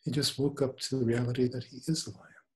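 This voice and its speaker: A man in his seventies, a spiritual teacher talking in an unhurried, gentle storytelling manner. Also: mid-range voice, little pitch movement. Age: 70s. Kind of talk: spiritual conversation.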